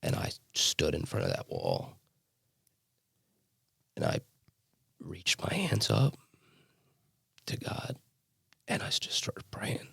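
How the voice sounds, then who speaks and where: Very low, gravelly man telling his story. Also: wildly swooping pitch, a bit bright, dry recording, in a whisper. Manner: earnest, halting storytelling with many likes and restarts. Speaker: podcast guest. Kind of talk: personal testimony in a casual interview.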